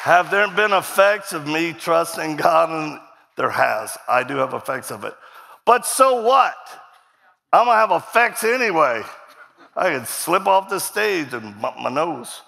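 A man's voice: fairly high pitch, lively intonation, a little slow, creaky, bright, forceful tone. A man telling a self-mocking, joke-filled story as a guest speaker in a church sermon, acting out the voices of people he quotes. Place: church stage before a congregation. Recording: long hall reverb from a stage.

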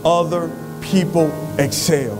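A man giving an energetic motivational speech on a conference stage, telling stories with animated delivery. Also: fairly high pitch, slow, music in the background. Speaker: motivational speaker.

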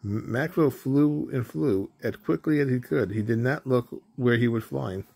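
A man reading a children's picture book aloud in a simple, deliberate way, with small stumbles over words. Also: medium pitch, vocal fry, darkish tone, slight background noise. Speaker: storybook reader. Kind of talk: children's story read aloud.

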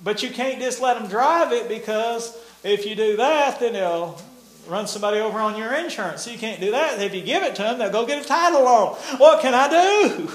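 In an echoey room, an older preacher tells a folksy testimony during a sermon, his very high-pitched voice animated and brisk. He laughs as he goes and uses nonstandard grammar.

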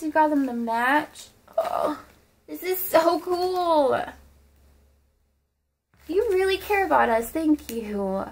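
A young woman with a Midwest American accent, chatting excitedly as she opens fan mail for her vlog and talks to her dolls. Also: sits high. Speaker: vlogger opening fan mail. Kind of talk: casual vlog unboxing.

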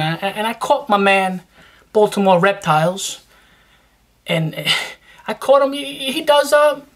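A woman hosting a casual vlog of shout-outs, excitable and joking, often stumbling and restarting her words. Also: medium pitch. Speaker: video host giving shout-outs.

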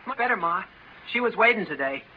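A man's voice: high voice, lively intonation, brisk. An actor playing an eager, chatty teenage boy in a 1930s radio drama. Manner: eager, boyish. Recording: dull old radio broadcast, faint hiss.

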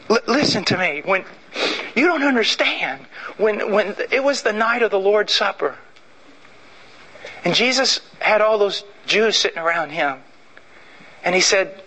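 A man's voice: sits high, pushed and bright, slightly rough, low-quality recording. A man preaching a sermon with fervent, emphatic delivery.

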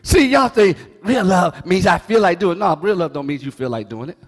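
A man pastor preaching a sermon, folksy and joking, moving from quiet words to shouting. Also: high-pitched, fairly quick, hardly any pauses, long reverb tail. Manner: animated preaching, swings from hushed to shouting.

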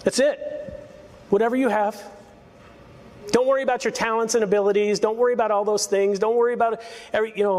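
A man preaches through a passage from the pulpit, his voice pitched rather high for a man. He keeps it conversational, tossing in sarcastic asides and little laughs. The sound carries a long reverb from a large church hall. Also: fairly even intonation, a little fast, long pauses, a little mellow. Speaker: pastor. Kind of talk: expository sermon. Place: church sanctuary.

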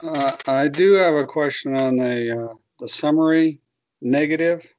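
A man's voice: a little high, a little slow, dull audio, a little hiss or hum. Hesitant man asking a class question. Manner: hesitant, with fillers. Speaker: student.

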